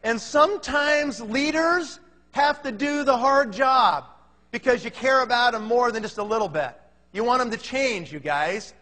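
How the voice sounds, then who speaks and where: A man delivers an energetic motivational talk from a conference stage, telling stories and checking in with his audience again and again. His voice sits high and sounds bright and forceful. The sound carries a long reverb from a large hall. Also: a little slow. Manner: energetic storyteller, keeps checking in with the crowd. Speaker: company leader speaking at a business conference.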